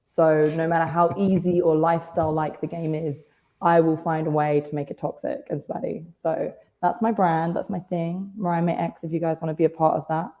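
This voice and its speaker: A woman's voice: deep voice, little pitch movement, fairly quick, phone-quality sound. A British woman in her twenties, a wrestler guesting on a podcast, chatting casually with dry self-mocking humour.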